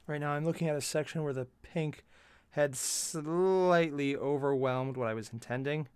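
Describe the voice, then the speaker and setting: A man's voice: on the high side, normal speed, a little mellow, smooth, no room sound. A man casually commenting to himself as he paints miniatures, muttering asides and small self-deprecating jokes. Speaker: miniature painting channel host.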